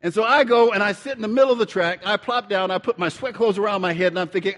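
A middle-aged man preaching, telling a lively story and acting out the dialogue. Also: sits high, fast talker, few pauses, in a large hall. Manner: animated storyteller, acts out dialogue. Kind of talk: storytelling sermon.

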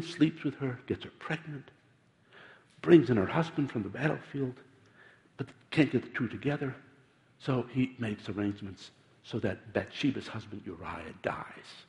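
A man preaching a sermon in an animated, emphatic way, with many repeated restarts. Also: medium pitch, creaky. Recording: long reverb of a large hall.

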